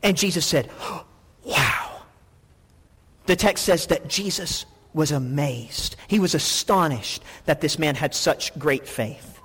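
Pastor, male, high husky voice, animated storytelling sermon, long hall reverb. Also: unhurried. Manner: storytelling, animated, repeats words when excited.

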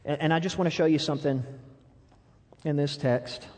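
A young adult man preaching a sermon, animated and laughing often, swinging between loud outbursts and soft asides. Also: a little high, moderate pace. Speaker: pastor.

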